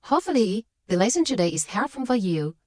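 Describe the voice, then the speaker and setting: Lively woman teaching emphasis. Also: mid-range voice, fairly quick, no room sound, clean studio sound. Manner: lively, stresses example words clearly. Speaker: English teacher. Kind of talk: scripted lesson to camera.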